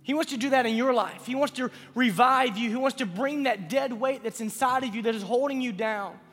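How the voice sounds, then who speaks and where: A man preaching a youth sermon, moving between quiet pleading and loud calls. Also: extremely high pitch, a little fast, long reverb tail, soft background music. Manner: builds from hushed pleading to loud shouting. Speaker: youth pastor.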